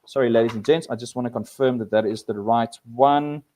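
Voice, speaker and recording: A man presenting a live workshop in an animated way, often repeating words as he restarts his sentences. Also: medium pitch, a little fast. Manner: animated, acts out quoted people with voice changes.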